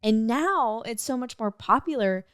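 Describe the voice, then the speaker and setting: A young woman hosts a podcast, chatting casually and upbeat about dating and single life with animated storytelling. Her voice is on the high side and smooth, and she takes her time. The sound is clean studio quality with no room sound.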